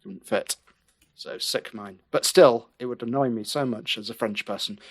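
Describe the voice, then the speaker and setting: A man's voice: mid-range voice, normal speed. A man who is a podcast guest in casual chat, with dry, wry humor.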